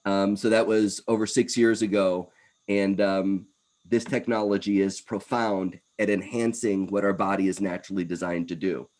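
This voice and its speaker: A man in his fifties giving an energetic wellness presentation, animated and talking in quick bursts. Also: on the low side. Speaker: wellness speaker. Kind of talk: presentation talk.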